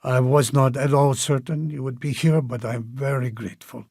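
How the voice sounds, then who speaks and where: A man voicing a courteous, slightly shy old gentleman in an audiobook, speaking softly with formal, old-fashioned phrasing. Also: medium pitch, fairly even intonation, moderate pace, vocal fry, dry recording, studio quality. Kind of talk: audiobook character reading.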